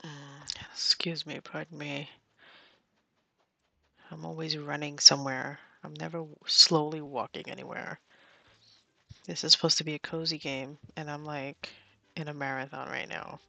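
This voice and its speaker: A young adult woman streaming a cozy game, chatting casually and getting excitable as she plays. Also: sits low, moderate pace, creaky, dry recording. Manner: chatty, excitable, bursts into squeals and whispers. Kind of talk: casual gameplay commentary.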